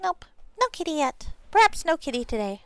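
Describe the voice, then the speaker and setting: A woman's voice: high-pitched, sing-song, fairly quick, a bit bright. A woman streaming a role-playing game, chatting casually and poking fun at herself. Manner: chatty and self-mocking.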